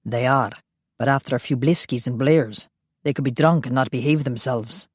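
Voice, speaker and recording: A woman voicing a centuries-old male vampire, speaking in a calm, reassuring, lowered voice. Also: moderate pace, slightly rough, no echo, clean studio sound. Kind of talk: audiobook character voice.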